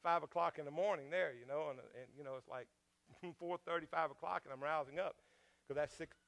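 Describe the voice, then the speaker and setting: A man's voice: fairly high pitch, fairly quick, vocal fry, fairly bright tone. A man preaching a sermon as pastor, telling a personal story in a conversational way, with frequent fillers and questions to the congregation.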